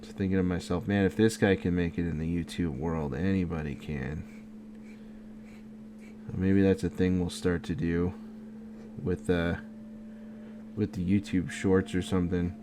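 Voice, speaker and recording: A man's voice: low voice, a little slow, pauses often. A man casually rambling at midnight as he draws, sleepy and yawning, talking half to himself. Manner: relaxed, rambling, muttering to himself. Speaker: video creator drawing. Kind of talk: casual late-night drawing chat. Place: home art setup at night. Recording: noticeable background noise.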